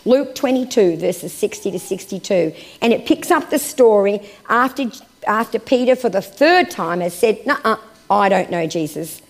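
A woman preaching a sermon and reading scripture aloud, her voice lifting for emphasis and then dropping to hushed, slow phrases. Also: on the high side, lively intonation.

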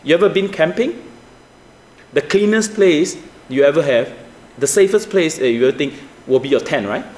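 Animated preacher in an echoey room. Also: male voice, fairly high pitch, moderate pace. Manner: animated preaching with rhetorical questions, non-native grammar. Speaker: pastor. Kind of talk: sermon.

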